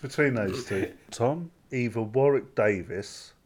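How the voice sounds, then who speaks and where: A man's voice: medium pitch, unhurried, darkish tone, husky. A man co-hosting a casual podcast chat. He rambles and hesitates, often restarting his sentences. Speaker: podcast co-host.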